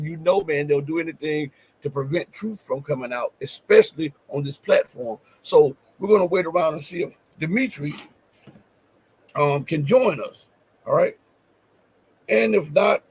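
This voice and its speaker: A man's voice: sits high, slightly rough, rough recording. A man hosting a livestream, giving commentary, stressing key phrases by repeating them and asking viewers questions. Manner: addresses viewers directly with questions. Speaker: show host.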